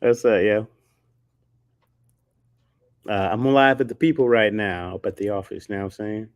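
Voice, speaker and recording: A man's voice: lowish voice, steady tone, moderate pace, no room sound, clean studio sound. A man chatting casually on a livestream, slangy and rambling, laughing often. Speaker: streamer.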